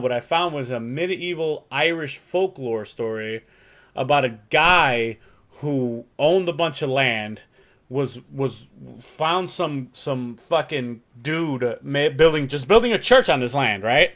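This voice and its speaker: Male podcast co-host, mid-pitched, loose and rambling, swears casually. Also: animated, a little slow, fairly bright tone. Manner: rambling, swears freely, acts out quotes. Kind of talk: casual chat.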